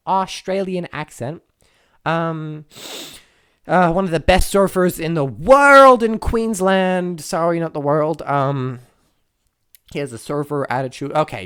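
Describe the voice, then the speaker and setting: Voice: medium pitch, animated, measured pace, smooth, dry recording. A host rambling through contest predictions in a playful way, correcting themselves and making jokey asides, close to the microphone. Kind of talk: casual rambling commentary. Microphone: close desk microphone.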